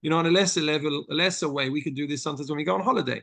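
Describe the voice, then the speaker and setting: British rabbi type guy teaching from a book, gravelly voice sitting a bit high, earnest and explainy. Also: very fast, a bit bright. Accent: British English. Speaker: rabbi teaching a text class. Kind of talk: text study lesson with storytelling.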